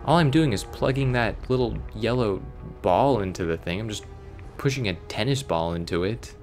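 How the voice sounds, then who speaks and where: A man's voice: lowish voice, expressive, moderate pace, darkish tone, soft background music. A man from Florida giving casual, sarcastic let's play commentary, wandering off into digressions. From Florida, USA. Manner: rambling, sarcastic, digressive storytelling.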